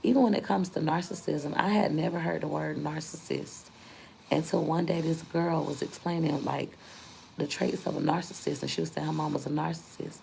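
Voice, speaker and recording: Woman, young adult, low gravelly voice, emphatic, candid vlog talk. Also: fairly even intonation, normal speed, warm tone, a little hiss or hum, low-quality recording. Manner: candid, emphatic, repeats points for force. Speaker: vlogger. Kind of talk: casual storytelling to viewers.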